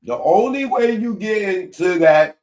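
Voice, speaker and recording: A man, hosting a live commentary show in a casual, animated way that keeps repeating his points. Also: high voice, unhurried. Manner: animated, laughing, repeats himself.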